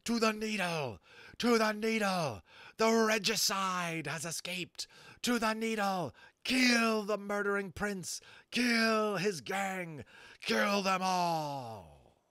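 A man's voice: high-pitched, lively intonation, slow, bright, forceful tone, no echo, clean studio sound, pitched above the performer's own voice, exaggerated voice. A man voicing a villainous male court magician, shrieking his orders in a mad rage. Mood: raging. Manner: shrieking, raging.

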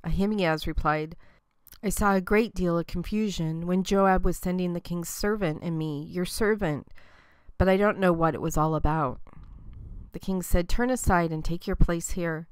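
A woman giving a measured, even reading of Bible scripture. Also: lowish voice, clean tone, no room sound. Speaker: scripture reader.

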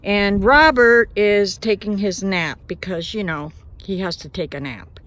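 A woman's voice: mid-range voice, a little slow, fairly bright tone, dry recording. A woman vlogging outdoors from her van campsite in the woods, talking to her viewers in an earnest, grateful, chatty way. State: out of breath. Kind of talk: casual vlog talk to camera.

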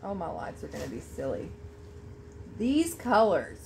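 A woman vlogger chatting to camera at home while unboxing a gift, gushing and excitable. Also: mid-range voice, unhurried, gravelly. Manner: gushing, excitable, Southern-style "y'all". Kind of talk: casual chat to camera.

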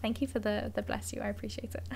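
A woman's voice: medium pitch, huge pitch swings, quick pace, gravelly, darkish tone. A young woman chatting casually on her live stream, giggly and affectionate toward her cat, speaking into a desk mic at home. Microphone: desk microphone.

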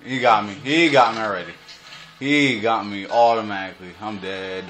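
Recorded on a phone, a young man commentates on his own video game match, getting excited and quick to yell, laugh, and swear. His voice is fairly low, with soft music playing in the background.

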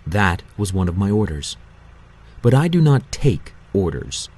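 A man reading an audiobook, voicing a menacing ancient male god of death who hisses slow threats. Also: low voice, big pitch swings, a little mellow, husky, exaggerated voice. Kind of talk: audiobook character voice.

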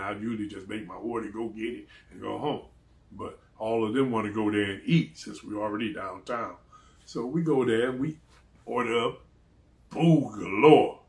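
A man telling a story in a casual, animated way, laughing often and acting out the people he quotes. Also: medium pitch, roomy sound.

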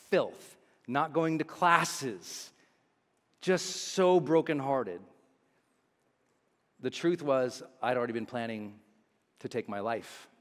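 A motivational speaker, a man, telling a personal story to a live audience in an earnest, confessional way. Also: medium pitch. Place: large seminar hall. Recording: long hall reverb.

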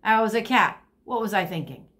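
A woman's voice: mid-range voice, brisk. A woman teacher reading a children's chapter book aloud to a second grade class, expressively. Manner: expressive storytelling.

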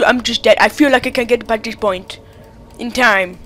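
A gamer giving let's-play commentary, excitable and quickly exasperated, talking back to the game as they play. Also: mid-range voice, soft background music. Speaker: gamer playing through a game.

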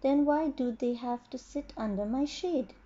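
A woman's voice: sits high, a little slow, dark tone, dull audio. A woman voicing a proud, rude male fig tree in a storybook reading, snooty and dismissive. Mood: haughty.

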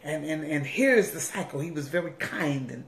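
A woman's voice: low voice, animated, normal speed, a little hiss or hum. A woman bishop giving an earnest personal testimony, repeating phrases for emphasis. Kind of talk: personal testimony in a weekly online message. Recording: roomy echo.

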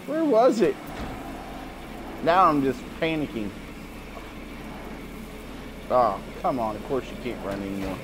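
A man's voice: medium pitch, lively intonation, a little slow, long pauses, background noise. A man giving jumpy, jokey commentary while playing a game, often talking to himself. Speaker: gamer. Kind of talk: let's play commentary.

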